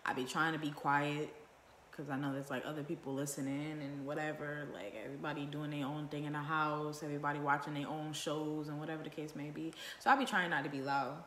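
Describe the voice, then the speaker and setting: A woman with a low, forceful voice speaks her mind on a home livestream, blunt and swearing freely. She stacks up rhetorical questions one after another. The room around her adds a roomy echo. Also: flat delivery, brisk, a little hiss or hum. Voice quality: naturally loud voice. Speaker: vlogger going live. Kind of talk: casual live-stream monologue. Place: at home indoors.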